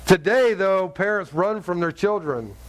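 Animated middle-aged male preacher. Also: high-pitched, unhurried. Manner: animated storytelling with sound effects and humor. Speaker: pastor. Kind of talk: sermon.

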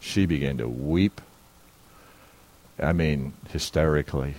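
A pastor in his sixties preaching a sermon as an animated storyteller who swings from quiet reflection into loud, excited telling. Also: very deep voice, slow.

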